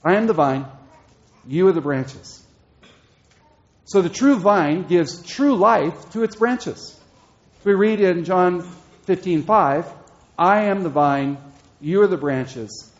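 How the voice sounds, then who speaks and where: A man preaching an expository sermon, slowing down and repeating key phrases for emphasis. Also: high-pitched. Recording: dull lo-fi sermon recording.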